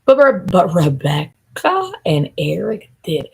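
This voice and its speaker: A woman with a low, heavily gravelly and raspy voice rambles through a conspiratorial stream commentary. She lurches between hushed asides and loud outbursts as one thought tumbles into the next. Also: lively intonation, a little fast, poor audio.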